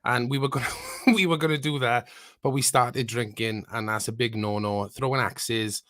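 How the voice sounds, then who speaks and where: A man hosts a podcast at a middle pitch, upbeat and relaxed as he banters with his co-host. The sound is dry and close, with no room echo. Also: normal speed. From Wales. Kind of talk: casual chat.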